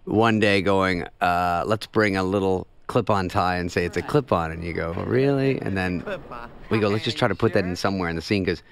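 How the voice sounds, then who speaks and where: A middle-aged male comedian telling anecdotes in a radio interview, deadpan and acting out what people said. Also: low-pitched, a little fast. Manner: deadpan storytelling, acts out quotes. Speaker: comedian guest.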